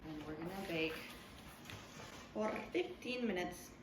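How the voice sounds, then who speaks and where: A woman's voice: fairly low pitch, animated, a little slow, reverberant, very noisy. A teenage girl chatting casually while baking in her home kitchen, rambling and poking fun at herself. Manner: chatty, rambling, self-mocking. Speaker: vlogger. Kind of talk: casual baking vlog narration.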